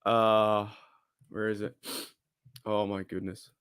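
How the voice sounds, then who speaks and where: A man's voice: on the low side, little pitch movement, takes it slowly, fairly bright tone, smooth, no echo, studio quality. An Australian man hosting a casual livestream, chatting, laughing often and reading out viewer comments. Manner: chatty, laughs often, reads chat aloud. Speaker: livestream host.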